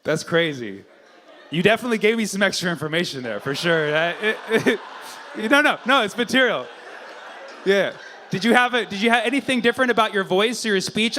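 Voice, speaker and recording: A man doing stand-up crowd work, teasing and profane in quick banter with the audience. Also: high voice, animated, noisy background. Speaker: stand-up comedian. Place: comedy club stage.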